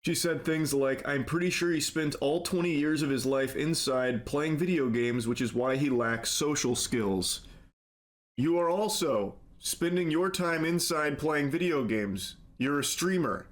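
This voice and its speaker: Man, somewhat higher voice, steady explainer, wry remarks. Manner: measured explaining tone, sarcastic asides, acts out quotes. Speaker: commentator. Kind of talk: scripted commentary video.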